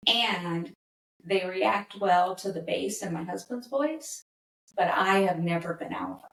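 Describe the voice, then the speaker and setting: A woman's voice: mid-range voice, unhurried, gravelly. A woman co-hosting a podcast, explaining things in an easygoing, self-deprecating way. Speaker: podcast co-host. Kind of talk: casual chat. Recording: roomy, distant mic.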